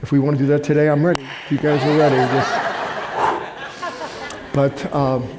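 A man's voice: a little high, level tone, normal speed, very noisy. An older man, a guest pastor, preaching a sermon in a casual, storytelling way with little jokes. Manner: chatty storytelling with self-deprecating jokes. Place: large church hall. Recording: echoey hall from far off.

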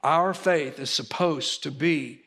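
A middle-aged man delivers a sermon in a high-pitched voice. He tells animated personal stories and often stumbles and restarts his sentences as he goes. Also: takes it slowly. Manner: animated storytelling with frequent restarts. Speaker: pastor.

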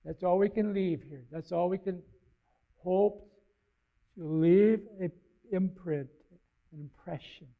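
Gravelly older man preaching folksy. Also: high-pitched, slow, pauses often, phone-quality sound. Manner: rambling, folksy, voice swells and drops. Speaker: lay preacher. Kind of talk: informal sermon with personal story.

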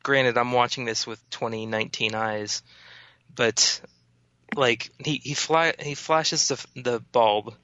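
A man's voice: medium pitch, steady tone, takes it slowly, bright, forceful tone, dry recording. A man co-hosting a casual film podcast, offering hesitant, skeptical critique. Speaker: podcast co-host. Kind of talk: casual film review chat. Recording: dull lo-fi sound.

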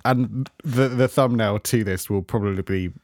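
A man's voice: on the low side, normal speed, darkish tone, no echo, clean studio sound. A man co-hosting a podcast in casual chat, laughing often and swearing bluntly. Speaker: podcast co-host, photographer.

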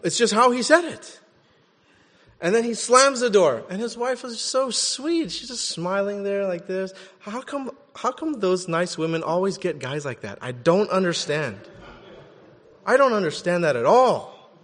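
A man preaching a sermon in an animated, conversational way, often checking in with "right?". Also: high voice, a little slow, in a large hall. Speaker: pastor.

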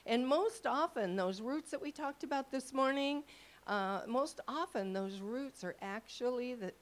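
A woman giving a sermon with slides, telling stories and quoting conversations, with frequent questions to the audience. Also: medium pitch. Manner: storytelling, quotes people in dialogue. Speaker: ministry speaker.

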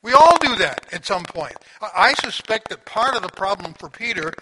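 A man preaching a sermon in a conversational, animated storytelling manner, asking the listeners questions. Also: high voice, moderate pace. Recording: audible background noise.

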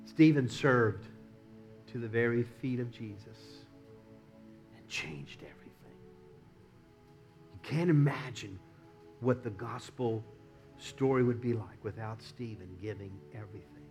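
An American man preaching a sermon as a pastor, swinging from loud exhortation to near-whispers. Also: mid-range voice, measured pace, soft background music.

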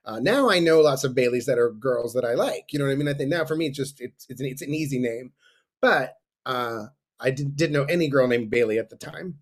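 A man in his forties talking in a relaxed, thoughtful way at an everyday pitch. He pauses with small fillers as he recalls things. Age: 40s. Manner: relaxed, reflective, hesitant. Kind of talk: casual chat.

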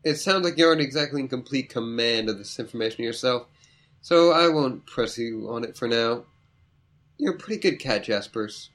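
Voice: mid-range voice, normal speed, a bit bright, close to an everyday voice. A performer voicing a dry, sardonic young woman who talks in long, ironic, wordy sentences.

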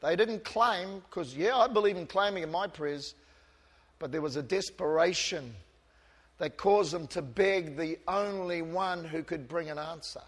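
A man with a high voice preaches a passionate sermon in a church. His voice swings from quiet, almost murmured asides to loud calls, with a light self-mocking humour. A long reverb trails every phrase. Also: measured pace. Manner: self-deprecating humour with the congregation. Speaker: pastor.

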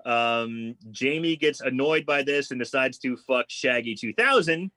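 On a podcast, a man with a mid-range voice casually recaps a horror movie, swearing freely and tossing off quick, animated impressions of lines from the film. The recording is dry and rough.

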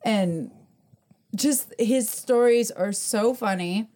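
A woman chatting casually on a podcast, telling lively stories and acting out the lines of the people in them, swearing freely. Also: a little high, slow pace. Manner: animated storyteller, acts out quotes. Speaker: podcast guest. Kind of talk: casual chat. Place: podcast studio.

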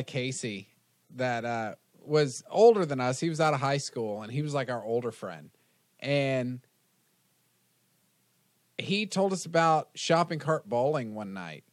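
A young man in casual chat, telling a story in a relaxed way. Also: mid-range voice, no room sound.

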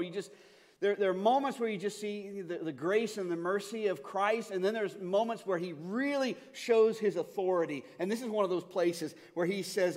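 A man preaching a sermon as a pastor, earnest and often stammering, moving between loud pleading passages and hushed, reflective ones. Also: high voice, moderate pace. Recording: long hall reverb.

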